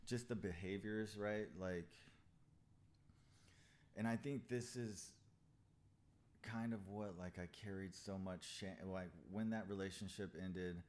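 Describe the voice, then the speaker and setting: A man with a very low, deep voice talks through his own story on a podcast, frank and confessional. He stops and restarts often and swears freely. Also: steady tone, measured pace, pauses often, darkish tone. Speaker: podcast guest. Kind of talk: candid conversational storytelling.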